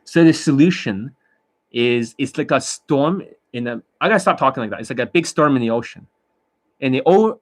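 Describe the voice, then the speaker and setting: A man who is a dating coach, talking in a rambling, boastful and profane monologue. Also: mid-range voice.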